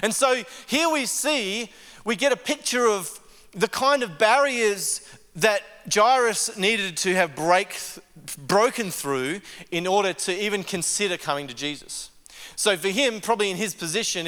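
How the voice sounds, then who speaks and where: Male pastor, high bright voice, earnest conversational sermon full of restarts, long hall reverb. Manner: earnest, stumbles and repeats words. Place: church service.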